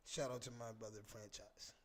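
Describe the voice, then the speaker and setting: A man hosting a casual solo podcast, talking in an animated way with lots of stammered restarts and trash talk. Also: mid-range voice, normal speed, slight background noise. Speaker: podcast host. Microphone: streaming mic.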